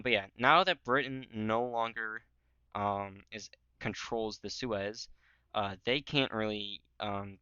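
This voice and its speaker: A man's voice: fairly low pitch, sharp tone, smooth, dry recording. A young man talking casually over a map, rambling with many fillers and joking voices. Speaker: history video creator. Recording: dull lo-fi mic.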